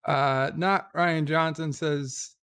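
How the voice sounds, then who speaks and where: A man hosting a casual live stream from bed, reading out chat messages in a slow, halting way with dry, irreverent remarks. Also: fairly high pitch, steady tone, fairly bright tone, clear, resonant tone. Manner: slow, halting, with many pauses and fillers; wry and irreverent. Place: lying in a bed.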